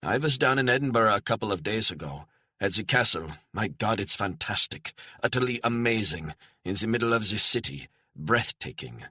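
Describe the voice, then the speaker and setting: A man's voice: lowish voice, animated, normal speed, slightly rough, dry recording, clean studio sound, pitched above the performer's own voice, heavily acted. A man voicing a friendly, talkative retired German man in his sixties or older, chatting with a stranger. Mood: enthusing. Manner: chatty and warm, enthusing.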